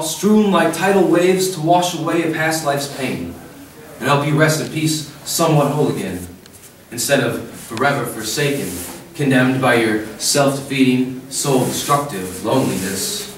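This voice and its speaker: A man reads his poem at an open mic, measured and dropping slow at key words. His voice carries a heavy echo from far off the mic. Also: medium pitch. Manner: measured, slows down for emphasis. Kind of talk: poetry reading. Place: cafe stage at an open mic. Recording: very echoey cafe, distant mic.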